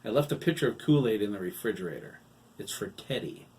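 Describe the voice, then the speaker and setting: A man voicing a moody old farmer in an audiobook, calm and then suddenly sharp. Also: lowish voice, quick pace, poor audio.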